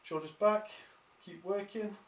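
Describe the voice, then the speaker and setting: High-voiced fitness coach. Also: male voice, steady tone, measured pace. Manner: encouraging, counts down reps, trips over words. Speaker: calisthenics coach. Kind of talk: follow-along workout instruction. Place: home during lockdown, exercising on the floor. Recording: echoey room.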